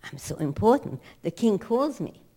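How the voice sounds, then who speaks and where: A woman's voice: medium pitch, very animated, normal speed, mellow, pitched above the performer's own voice. A woman voicing a self-important male heathen prophet who brags about his importance, in a storytelling Torah class. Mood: boastful.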